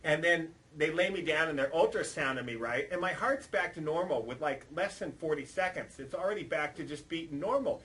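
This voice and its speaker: A man's voice: a little high, lively intonation, a little fast, few pauses, a bit bright, rough recording. A man, a punk band singer, telling a rowdy, profane story in an interview and acting out the voices in it. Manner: profane, rowdy storyteller who acts out quotes. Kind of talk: animated anecdote telling. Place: record label office.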